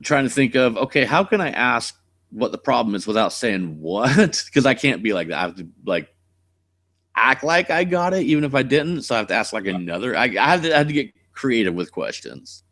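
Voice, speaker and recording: A man's voice: mid-range voice, very animated, fairly quick, a bit bright, no room sound, clean studio sound. A man with a West Coast American accent chatting casually on a live stream as the channel host, blunt, rambling and cursing freely.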